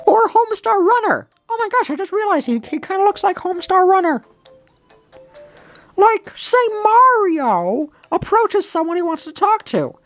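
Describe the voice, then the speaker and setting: A woman voicing a small, excitable mushroom retainer who talks in a squeaky, hurried way. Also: faint music behind, full character voice. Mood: chirpy.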